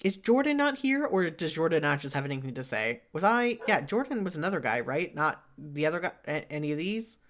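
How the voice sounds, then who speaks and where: A man streaming a story game, chatting casually with quick asides and fillers between narrated passages. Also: a little high, big pitch swings, fairly bright tone. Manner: chatty, self-deprecating, fillers. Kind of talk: live-streamed game reading and commentary.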